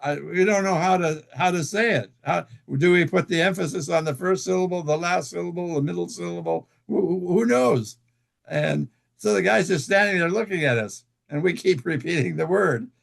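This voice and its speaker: A man telling a long personal story as an interview guest, halting, with many fillers and restarts. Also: high-pitched, gravelly. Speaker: guest author.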